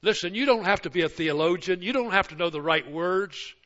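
Older man preaching a forceful sermon. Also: sits high, lively intonation. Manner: swings between loud, emphatic exhortation and hushed, slow passages; folksy storytelling that acts out others' words. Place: church service. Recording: muffled lo-fi recording.

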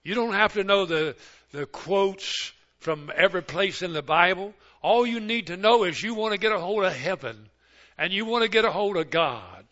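An older man preaching a sermon, folksy and story-driven. He swings between loud, emphatic exhortation and slow, hushed passages. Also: sits high, lively intonation. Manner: folksy storytelling that acts out others' words. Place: church service. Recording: muffled lo-fi recording.

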